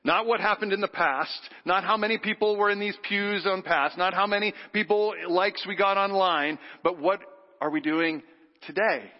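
A man preaching a sermon, animated, leading the congregation in call-and-response. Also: sits high, moderate pace. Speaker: pastor. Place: church sanctuary. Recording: dull sound with long hall reverb.

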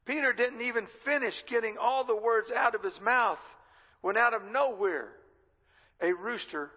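A man's voice: high voice, unhurried, gravelly, husky. A male pastor preaching a sermon, retelling a scripture story in his own conversational words. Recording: reverberant dull-sounding hall.

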